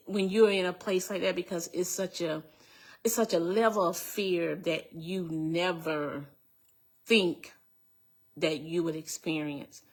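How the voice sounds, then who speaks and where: A woman's voice: on the low side, fairly bright tone. Earnest woman telling her testimony. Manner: earnest, repeats phrases, speaks to listeners directly. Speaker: testimony speaker. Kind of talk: personal testimony storytelling.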